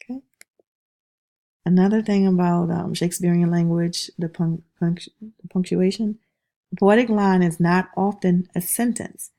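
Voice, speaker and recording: A woman's voice: lowish voice, fairly even intonation, unhurried, mellow. A woman teaching a class who keeps checking in with "okay?" and taps out rhythms aloud. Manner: checks understanding with repeated "okay?". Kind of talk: classroom lecture.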